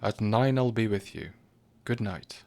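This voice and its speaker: A calm, gently obstinate priest, as a male reader puts him on in a storybook reading. His tone stays measured and low-pitched, firm without ever raising itself. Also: close to an everyday voice. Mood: gentle, firm.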